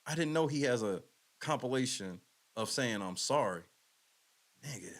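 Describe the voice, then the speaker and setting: A man's voice: mid-range voice, animated, normal speed, creaky. A man hosting a podcast, giving casual reaction commentary and laughing in disbelief. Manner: laughing, incredulous. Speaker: podcast host.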